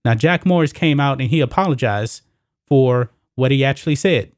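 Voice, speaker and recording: A man hosting a solo sports commentary show, talking emphatically and pushing his pitch up on the points he stresses. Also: moderate pace, dry recording, studio quality.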